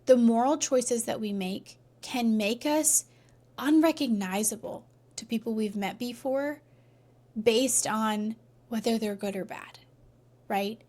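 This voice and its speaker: A woman's voice: a little high, takes it slowly, dark tone. A woman coach telling a faith-based story in casual talk, often checking in with "right?" and dropping to near-whispers at emotional points. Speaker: relationship coach.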